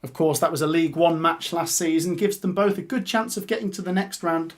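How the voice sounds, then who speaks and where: A man streaming live as he reads out a cup draw. He talks in a chatty, excitable way, breaks into laughter, and keeps urging viewers to comment and subscribe. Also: on the high side, a little fast. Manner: chatty and excitable, laughs often, calls out the results. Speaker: streamer hosting a live watch-along.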